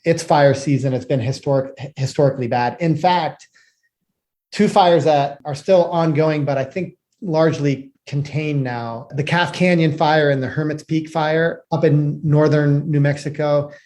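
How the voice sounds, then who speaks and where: A man co-hosting a podcast, talking in a relaxed, chatty way full of "like" fillers. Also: fairly high pitch, measured pace. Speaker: podcast co-host. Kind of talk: casual conversational hosting.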